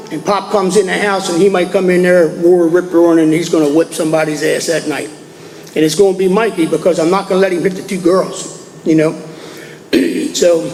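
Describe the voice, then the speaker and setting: Older man with a high voice, telling a story in an echoey hall. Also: darkish tone, a little hiss or hum. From Maryland, USA. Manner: plainspoken, folksy, repeats himself. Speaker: AA speaker. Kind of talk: storytelling recovery talk. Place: meeting hall. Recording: echoey hall with faint ambience.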